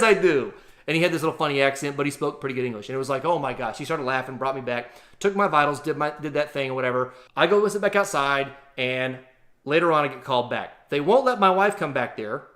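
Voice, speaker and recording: A man telling a travel story in a casual, animated, exaggerated way to his vlog audience. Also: mid-range voice, fast talker. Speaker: vlogger.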